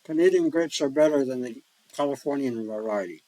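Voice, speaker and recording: Speaking a little fast in a dark, medium-pitched voice, a man offers relaxed commentary on his solo board wargame. He hosts and plays, rambling and joking with homespun asides. The recording is rough, though there's no echo.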